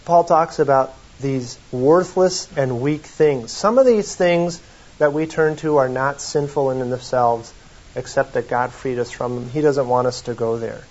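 A man's voice: medium pitch, unhurried, a little mellow, lo-fi sound. Man preaching in a folksy, conversational tone. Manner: conversational, folksy, reads quotations aloud. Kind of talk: sermon.

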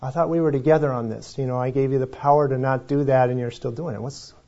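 A man voicing God the Father as a friendly, gently reproachful buddy within a sermon, on a slightly dull recording. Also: mid-range voice, fairly even intonation, fast, lightly acted. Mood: disappointed.

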